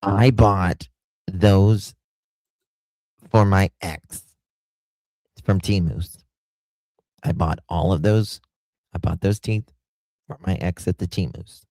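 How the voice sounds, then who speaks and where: A brash sponsor lady rattles on bluntly about her gag gifts, played by a man. The voice sits low and unhurried. It is mellow in tone and dry, with no room around it. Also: fairly even intonation, no echo. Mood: chatty. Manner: rambling, blunt.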